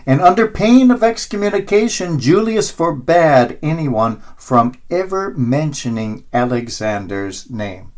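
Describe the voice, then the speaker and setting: Brief: male priest preaching a homily, slow, dramatic swings in pitch. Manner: slow, expressive storytelling with wide pitch swings. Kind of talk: sermon storytelling.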